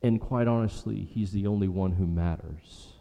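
A man's voice: deep voice, moderate pace, creaky, warm tone, in a large hall. A man preaching a sermon as pastor, emphatic, repeating phrases and asking rhetorical questions.

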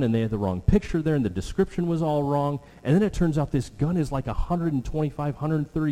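A middle-aged man preaching a sermon with earnest, drawn-out emphasis and frequent fillers. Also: on the high side, dark tone. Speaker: pastor. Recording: long hall reverb with mains hum.

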